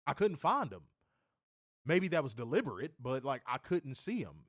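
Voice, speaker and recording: A man's voice: mid-range voice, sing-song, moderate pace, no echo, studio quality. A man hosting a wrestling show, telling a story in a casual, rambling way. He repeats himself, corrects himself and swears.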